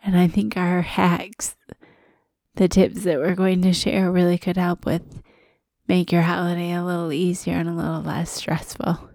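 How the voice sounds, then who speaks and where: A woman's voice: on the low side, flat delivery, normal speed, vocal fry, darkish tone, no room sound. A woman co-hosting a casual podcast, stuffy with a head cold, talking candidly and self-deprecatingly. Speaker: podcast co-host.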